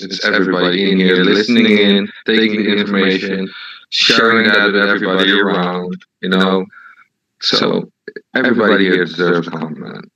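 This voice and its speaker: A low-voiced man with a bright, forceful tone hosts a live audio chat, upbeat and thanking listeners. The sound is dry and dull, like lo-fi online audio. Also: dry recording. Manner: upbeat, inviting speakers to talk. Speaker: host of a live audio space. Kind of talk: casual chat.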